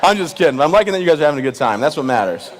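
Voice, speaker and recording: A man's voice: on the high side, very animated, very fast, noisy background. A man from Michigan, a veteran, telling a comic story on stage in a joking, self-deprecating way while speaking straight to the audience. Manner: addresses the audience directly. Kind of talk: stand-up comedy storytelling.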